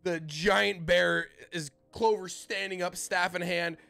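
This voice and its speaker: A man running a tabletop role-playing game as dungeon master, narrating in a casual, halting way with frequent restarts. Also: high-pitched, fairly even intonation, creaky, crowd noise. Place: home streaming setup.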